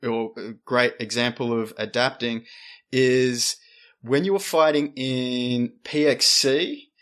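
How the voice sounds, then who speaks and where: Man, podcast host, easygoing, hesitant questions, mid pitch. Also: slow pace. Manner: relaxed, hesitant questions with many fillers. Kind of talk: casual interview.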